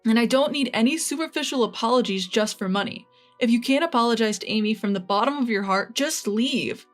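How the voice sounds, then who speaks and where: A woman's voice: a little high, a little fast, soft background music, lightly acted. A woman voicing a young husband who speaks firmly and steadily. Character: protective young husband, firm and calm.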